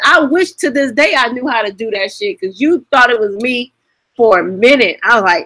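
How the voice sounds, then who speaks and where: A woman co-hosting a casual chat, telling lively stories and cursing freely. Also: a little high, moderate pace, no room sound. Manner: lively storyteller, curses freely. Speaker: co-host.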